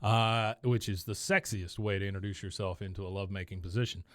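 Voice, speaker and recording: This man hosts a podcast recapping cartoon episodes, retelling scenes casually and voicing the characters quickly. His voice is lowish and fairly bright, his delivery flat, captured in echo-free studio sound.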